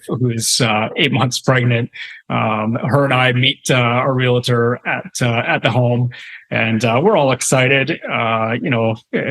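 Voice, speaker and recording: A man's voice: mid-range voice, a bit bright, low-quality recording. A Canadian man in his thirties, a guest on an interview show, telling a story casually with many fillers and restarts. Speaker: guest real estate investor.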